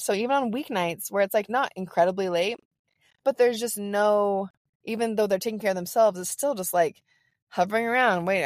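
A chatty woman in her forties co-hosts a parenting podcast. She talks in a loose, laughing way, and her voice sits mid-range in a close, dry recording with no room echo. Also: mid-range voice. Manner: chatty, laughing, reads listener questions aloud. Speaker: podcast co-host. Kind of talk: casual parenting podcast chat.

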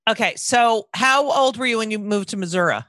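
Middle-aged podcast host lady from jersey, bright voice, dry close sound, rambly and sweary. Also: a little high, a little fast, dry recording. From New Jersey. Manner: rambling, profane, breaks off mid-sentence. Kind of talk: casual interview chat.

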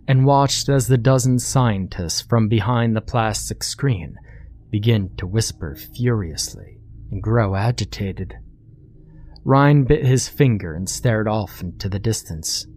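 Low-voiced man narrating a horror story. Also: a little slow, a little mellow.

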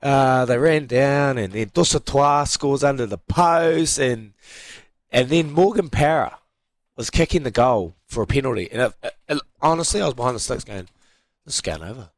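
A man's voice: mid-range voice, moderate pace, dry recording. A man with a New Zealand accent hosting breakfast radio in his thirties, telling stories in slangy banter. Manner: laid-back storytelling, slangy. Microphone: studio microphone.

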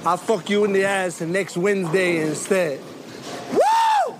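Bowler: cocky, crude taunts, very high and swooping voice, noisy film audio. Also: male voice, huge pitch swings, slow pace, exaggerated voice. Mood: taunting. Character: flamboyant cocky male bowler, trash-talking. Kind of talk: film dialogue.

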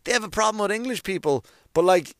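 Rambling, profane stand-up comic, smooth voice. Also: male voice, high voice, expressive, fast, fairly bright tone, no room sound, studio quality. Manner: profane, rambling, with frequent restarts. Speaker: stand-up comedian. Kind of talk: casual rambling monologue.

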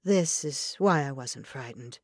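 A woman's voice: very deep voice, lively intonation, measured pace, husky, no echo, clean studio sound, pitched below the performer's own voice, exaggerated voice. A woman reading an audiobook, voicing a composed frontier woman on a wagon, polite, earnest and self-possessed. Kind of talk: audiobook character voice.

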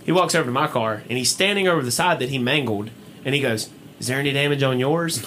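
A young man, co-hosting a podcast and telling a story in a casual, animated way. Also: medium pitch, background noise. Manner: fast, animated storytelling with acted-out quotes. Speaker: podcast co-host.

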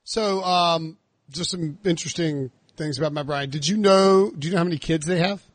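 A high-pitched man hosts a casual sports podcast, breaking into animated rants where his voice leaps upward. The sound is dry and close, with no room around it. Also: moderate pace, no room sound. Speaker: podcast host.

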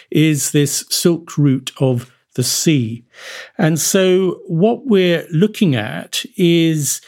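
A male historian speaking as a podcast guest, explaining at length in a measured, discursive way with many asides. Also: fairly high pitch, darkish tone.

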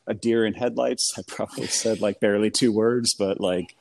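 American man, 30s, low voice, rambling anecdote-teller, filler-heavy. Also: moderate pace, gravelly, a little hiss or hum. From New England, US. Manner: rambling, animated, heavy fillers, laughs often. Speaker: guest. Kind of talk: casual storytelling chat.

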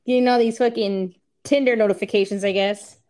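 A woman's voice: mid-range voice, steady tone, a little mellow. A woman co-hosting a casual podcast who talks frankly, teases the others and laughs easily. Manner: frank and teasing, quick to laugh. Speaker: podcast co-host. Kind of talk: casual chat.

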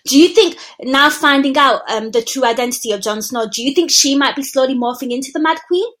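Chatty high-voiced Northern English woman. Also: a little fast. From Northern England. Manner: animated, chatty, acts out scenes. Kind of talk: casual TV review chat.

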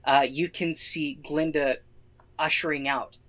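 Casual game master, man, slightly high voice, easygoing narration. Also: steady tone, measured pace, fairly bright tone. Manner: casual, laid-back with swearing.

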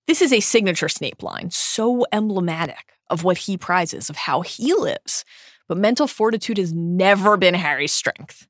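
Female podcast co-host with a lower register and a dry, close sound. Reads quoted passages, then offers earnest commentary. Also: expressive, moderate pace, no echo. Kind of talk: podcast discussion reading passages from a novel.

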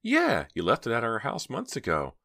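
A man's voice: wildly swooping pitch, normal speed, creaky, no room sound, clean studio sound, exaggerated voice. A man voicing an angry, accusing teenage girl. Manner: pitched up, loud, accusing.

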